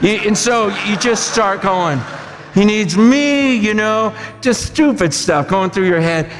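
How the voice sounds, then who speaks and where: Male pastor, slightly higher voice, animated conversational sermon, long hall reverb. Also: a little slow. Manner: animated, conversational storytelling with bursts of shouting. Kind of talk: sermon storytelling.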